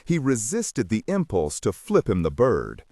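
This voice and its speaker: A man narrating a thriller audiobook in an expressive storytelling manner. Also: fairly low pitch, measured pace, gravelly, breathy edge, no echo, clean studio sound. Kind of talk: scripted narration.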